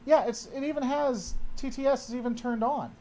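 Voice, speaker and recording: A man's voice: extremely high pitch, brisk, mellow. A man hosting a casual livestream, answering chat and often trailing off and restarting his sentences.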